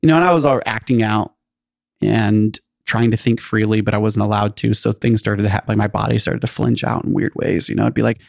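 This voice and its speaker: This man has a lowish, gravelly, slightly mellow voice, speaking a little fast in a steady tone. Co-hosting a podcast, he rambles through a casual story packed with fillers and acted-out quotes. The sound is clean studio audio with no room echo.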